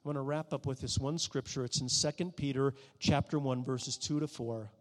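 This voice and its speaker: A man preaching a sermon, moving between soft, hushed prayer and loud, emphatic declarations. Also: medium pitch, steady tone, fairly quick, big-room sound.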